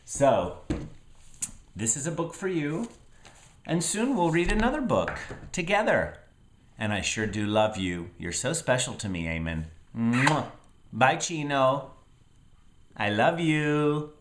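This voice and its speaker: Slow, tender father reading aloud. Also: medium pitch, very animated, slight background noise. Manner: tender, affectionate, playful. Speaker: father reading to his child. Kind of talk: reading a picture book aloud.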